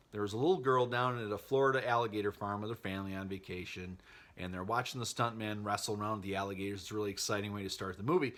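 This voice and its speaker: A man's voice: on the low side, a bit bright. Regular guy retelling a fave movie, jokey and wry, laughs at the dumb bits. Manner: chatty and wry, laughing at the plot. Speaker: movie vlogger. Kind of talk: casual movie recap.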